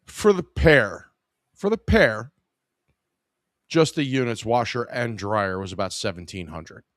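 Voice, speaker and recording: Low-voiced man telling a wry story. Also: expressive, unhurried, no room sound, clean studio sound. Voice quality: irreverent, wry. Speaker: podcast host. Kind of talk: casual live podcast storytelling.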